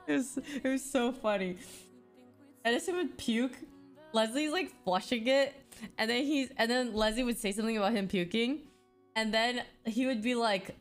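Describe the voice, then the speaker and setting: A woman's voice: a little high, faint music behind. A woman telling a funny story in casual chat, giggling and saying "like" a lot. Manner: giggly, fast, filler-heavy with lots of "like".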